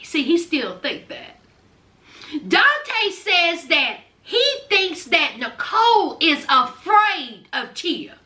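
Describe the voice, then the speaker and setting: A chatty woman recaps a reality show with plenty of sass and frequent laughter. Her voice sits very high and sounds sharply bright. She talks at an unhurried pace. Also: big pitch swings, reverberant. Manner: sassy, chatty, laughs often, calls viewers honey and y'all.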